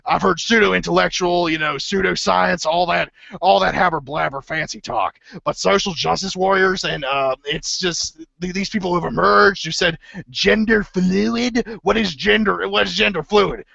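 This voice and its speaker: A gravelly, forceful conspiracy radio host, put on by a man rants in circles, tripping over his words and correcting himself as he goes. His voice sits a little high and has a hard, sharp edge. The sound is dull and lo-fi, like cheap stream audio. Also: normal speed, no room sound, full character voice. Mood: rambling. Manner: rambling, stammering, self-correcting rants. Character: blustering middle-aged male conspiracy radio host. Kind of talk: improvised comedy impression.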